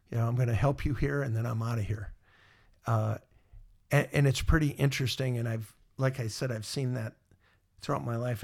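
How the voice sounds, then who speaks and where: A man's voice: mid-range voice, vocal fry, a little mellow. A middle-aged man, a guest on a podcast, reflecting on his career in a rambling, storytelling way. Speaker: guest, former mall marketer.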